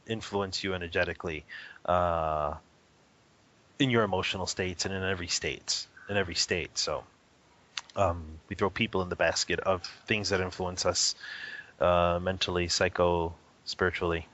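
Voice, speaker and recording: A man with a lowish, bright, forceful voice answers interview questions. He talks in an animated way and laughs often. The audio is a little dull and lo-fi. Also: a little slow. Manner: animated, laughs often, acts out a toddler's cries. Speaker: interview guest, spiritual teacher. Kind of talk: casual interview.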